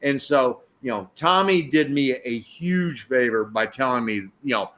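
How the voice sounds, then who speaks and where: A man's voice: mid-range voice, animated, a little slow, hardly any pauses, fairly bright tone, a little hiss or hum. A man from the United States chatting casually on a live stream, reflective, with frequent stammering restarts. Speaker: co-host of a travel live stream.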